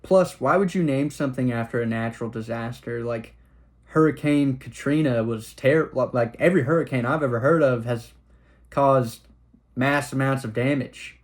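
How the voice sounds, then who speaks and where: A young man from Oklahoma City hosting a podcast, telling rambling, self-deprecating personal stories in a casual monologue with sudden fast bursts. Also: mid-range voice. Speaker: podcast host.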